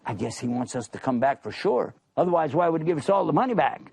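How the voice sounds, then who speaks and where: A man doing a jittery young brother in a storybook tale, his voice pushed up high and swooping all over as he stammers and pleads. The tone is gravelly, with a dry, close sound. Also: lively intonation, fast talker, a little mellow, heavily acted. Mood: puzzled. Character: excited young brothers, eager and nervous.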